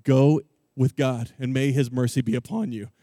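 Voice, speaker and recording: A man's voice: medium pitch, fairly even intonation, moderate pace, mellow, no room sound, studio quality, voice pushed down, natural voice. A man voicing a weary king who speaks in offhand slang. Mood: resigned. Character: weary older king, casual and resigned.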